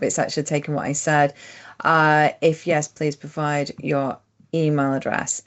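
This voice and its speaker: A woman with a strong accent talking through a software demo step by step, relaxed and methodical with casual fillers. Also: deep voice, unhurried, highs cut off. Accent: strong regional accent. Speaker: presenter demonstrating software. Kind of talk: screen-share tutorial.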